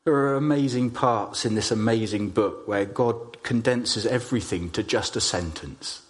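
A man preaching a sermon, telling stories and stressing key phrases slowly. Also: on the low side. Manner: storytelling, emphatic with slow stressed phrases.

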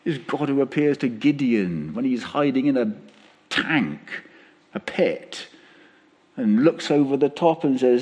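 A man preaching a sermon as pastor, conversational and lively, acting out quotes as he speaks. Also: medium pitch, takes it slowly, breathy edge.

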